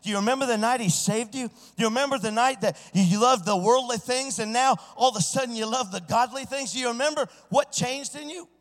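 Man preaching, high voice, sermon that swells into shouts, echoing church. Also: brisk, hardly any pauses. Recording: church sanctuary with long reverb.

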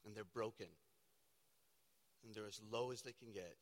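A man, a pastor, preaching a sermon with dramatic storytelling that swings from loud to hushed. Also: fairly low pitch, moderate pace. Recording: long hall reverb.

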